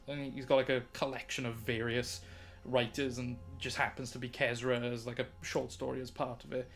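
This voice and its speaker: A man's voice: medium pitch, steady tone, brisk, soft background music. A man narrating as game master, rambling with repeated restarts.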